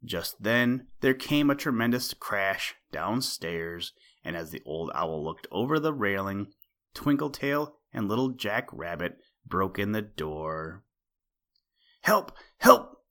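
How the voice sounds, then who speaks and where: Slow, low-voiced storybook narrator man. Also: expressive. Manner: gentle, unhurried, with rhyming asides. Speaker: podcast story reader. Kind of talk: storybook read-aloud narration.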